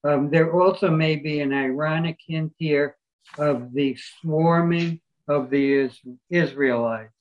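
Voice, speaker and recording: A man's voice: a little high, fairly even intonation, slow pace. Older man reading notes, dull sound. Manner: reads from a commentary with hesitations. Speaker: study group participant.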